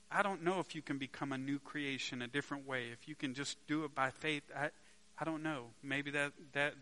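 A man with a fairly high, pushed and bright voice preaches a sermon to a congregation in a conversational style. He poses rhetorical questions and restarts words while searching for them.

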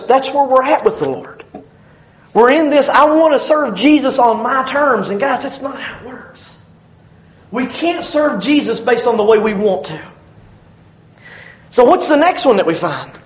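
High, lively preacher in an echoey room. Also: male voice, normal speed, pauses often. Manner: animated, jokes and acts out voices. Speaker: pastor. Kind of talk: sermon. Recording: echoey room, dull lo-fi sound.

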